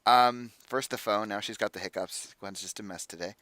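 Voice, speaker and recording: A man's voice: fairly low pitch, moderate pace, bright, forceful tone, no room sound. A man running a tabletop game as game master, explaining the rules and weighing his calls aloud.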